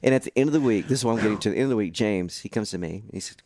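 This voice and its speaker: Man, animated storyteller; quotes others in put-on voices; dry studio sound. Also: fairly low pitch, racing, gravelly, hardly any pauses, no room sound. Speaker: guest musician. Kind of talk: storytelling in casual chat.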